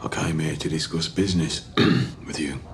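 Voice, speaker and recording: A cold birmingham gang boss, super deep flat voice, quiet and clipped, noisy background. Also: male voice, moderate pace. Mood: cold calm. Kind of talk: TV crime drama acting. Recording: steady background noise.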